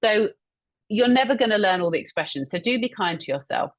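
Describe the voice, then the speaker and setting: Brisk and animated, a medium-pitched communication trainer leads an instructional webinar over a video call. She keeps an encouraging tone and clarifies her points by repeating examples back.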